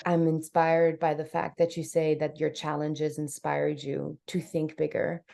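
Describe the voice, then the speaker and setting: A woman's voice: low voice, monotone, a little slow, vocal fry, warm tone. A woman hosting an interview, speaking in a thoughtful, musing way with long winding questions. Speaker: podcast host. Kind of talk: reflective interview talk.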